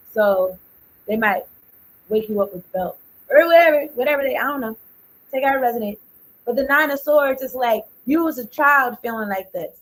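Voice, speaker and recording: Blunt and informal, this woman swears and uses slang as she works through a casual tarot reading out loud, frequently letting sentences trail off. She speaks on the high side, and the recording is low quality.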